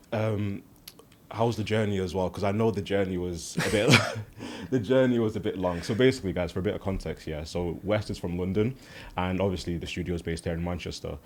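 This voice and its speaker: A man hosts a podcast, friendly and unhurried, with plenty of "um"s as he sets up his questions. His voice sits very low. A faint hiss of room noise runs behind him. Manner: friendly, laid-back, frequent "um"s. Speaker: podcast host. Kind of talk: casual podcast hosting.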